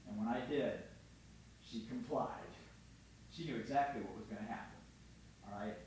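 A man preaching a sermon in a conversational way, often asking "all right?", moving between loud emphasis and quiet, close talk. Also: fairly low pitch, normal speed, slight background noise. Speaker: pastor.

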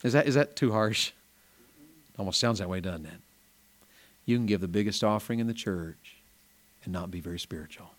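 A man preaching a revival sermon in a small church, folksy and storytelling, rising to loud emphatic peaks. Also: lowish voice, moderate pace, long pauses.

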